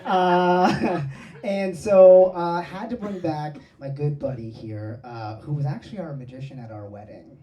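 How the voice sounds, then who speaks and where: A woman with a low, warm voice hosts a live comedy show, chatting and giggling at a measured pace as she casually introduces the next act. The sound is echoey from a distant mic in a live room, with slight background noise.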